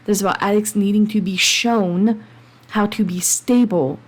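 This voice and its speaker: A woman hosting her own podcast, talking passionately and emphatically, getting heated and then calming down. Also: mid-range voice, normal speed. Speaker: podcast host. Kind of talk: solo podcast monologue. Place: home, late at night.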